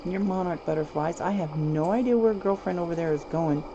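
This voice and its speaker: A woman streaming a life-sim game, chatty and giggly, talking straight to her viewers, over steady background noise. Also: lowish voice, brisk, dull audio. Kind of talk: casual gameplay commentary.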